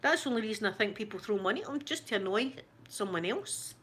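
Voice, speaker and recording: Speaking fast at a medium pitch, with slight background noise behind her, a Scottish woman gossips animatedly on a livestream. She's an ASMR YouTuber responding to live chat, and her casual stories are packed with laughter.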